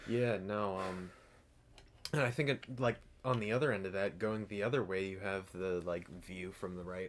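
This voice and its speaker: A man's voice: deep voice, fairly even intonation, normal speed, a little hiss or hum. A young man, a university student, co-hosting a casual political podcast, hedging often and slipping into sarcastic impressions. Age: young adult. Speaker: podcast co-host.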